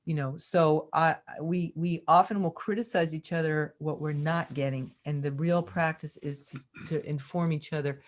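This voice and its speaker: A woman's voice: low voice, fairly even intonation, normal speed, hardly any pauses. A woman teaching about love and relationships on a community call, talking expressively, acting out quoted lines and laughing often.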